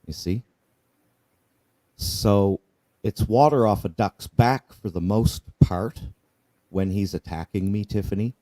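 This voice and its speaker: A man's voice: on the low side, takes it slowly, long pauses, mellow. A man telling his personal testimony in an earnest, candid way, often repeating himself and asking "right?". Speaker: guest sharing his life story.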